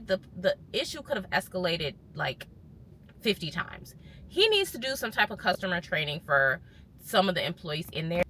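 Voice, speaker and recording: A woman vlogger telling a personal story in a casual, animated way and quoting what others said. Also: mid-range voice. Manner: animated retelling, quotes others' words. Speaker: lifestyle vlogger.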